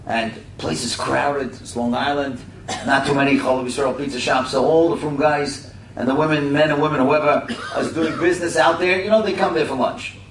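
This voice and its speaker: Animated storyteller. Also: male voice, on the high side, moderate pace. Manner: animated, heartfelt, acts out voices. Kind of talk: spoken moral story. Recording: roomy and distant with faint hiss.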